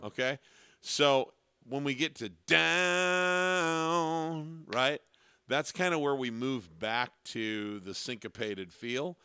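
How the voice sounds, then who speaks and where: A man teaching piano in a relaxed, explanatory way, counting beats aloud as he plays. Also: mid-range voice, takes it slowly, clear, resonant tone, dry recording, clean studio sound. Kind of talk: casual piano lesson with sung demonstrations. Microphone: studio dynamic microphone. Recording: piano playing loudly under the voice. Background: loud piano.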